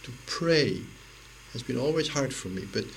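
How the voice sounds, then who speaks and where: A man giving an intimate, reflective spiritual talk, earnest and halting, often repeating words as he searches for them, and dropping to a near hush at times. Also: mid-range voice, animated, vocal fry, low-quality recording. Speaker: spiritual speaker. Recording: faint hiss, personal audio recording.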